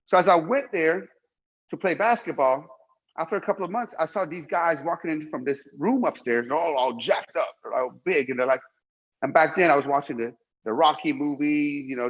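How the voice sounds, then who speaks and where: Emphatic man, high voice, dull sound. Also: a little fast. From Iran. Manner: emphatic, repeats himself, swears freely. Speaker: guest. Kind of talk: storytelling interview.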